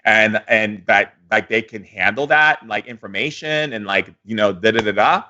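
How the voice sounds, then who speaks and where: A man's voice: fairly low pitch, moderate pace, pushed and bright, highs cut off, voice pushed down. A man voicing a skeptical, blunt male friend who questions him dismissively.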